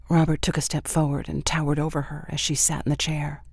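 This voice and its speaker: A man reading the narration of a novel in an even, steady storytelling way. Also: fairly high pitch, a little fast, gravelly, few pauses, husky, dry recording, studio quality. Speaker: audiobook narrator. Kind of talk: scripted narration.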